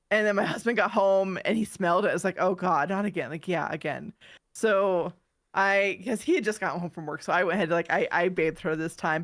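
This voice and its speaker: A woman's voice: medium pitch, a bit bright. Chatty woman with a cold, rambling. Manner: chatty, rambling storyteller who laughs at her own mishaps. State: has a cold. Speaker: podcast co-host. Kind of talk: casual chat.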